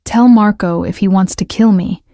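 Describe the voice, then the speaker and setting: A woman's voice: mid-range voice, moderate pace, mellow, no echo, studio quality, lightly acted. A woman reading the lines of a cold, controlled male mafia boss.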